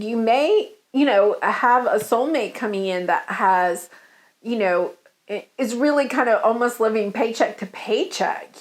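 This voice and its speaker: A woman giving a casual tarot love reading, chatty and giggly, with many fillers. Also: fairly high pitch. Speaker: tarot reader.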